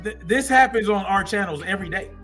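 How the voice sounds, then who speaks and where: High-voiced man chiming in on a stream. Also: expressive, fast, over music. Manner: chiming in with short reactions. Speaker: livestream co-host. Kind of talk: casual livestream chat.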